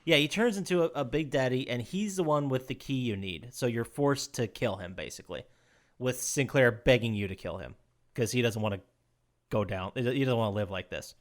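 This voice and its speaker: A man co-hosting a casual podcast, walking his friends through a game's story with animated energy. He breaks into laughter often and restarts his sentences as he goes. His voice sits at an ordinary middle pitch. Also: fairly quick. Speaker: podcast co-host. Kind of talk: casual chat recapping a game story.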